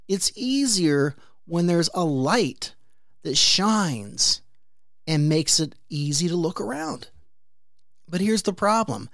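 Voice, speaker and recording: Guy doing a solo podcast, tells a story with a real lively swing in his voice then gets earnest about the lesson, close mic, dry sound. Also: on the high side, dry recording. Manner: animated storyteller who briefly acts out the neighbors' voices; reflective and earnest when drawing the lesson. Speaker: podcast host. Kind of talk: motivational storytelling monologue.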